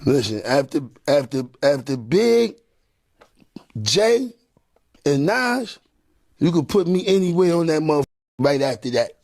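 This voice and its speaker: A man's voice: on the high side, a little slow, vocal fry, pauses often, no room sound, clean studio sound. A man arguing his point insistently in a debate clip. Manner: insistent, animated. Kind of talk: heated debate on a show.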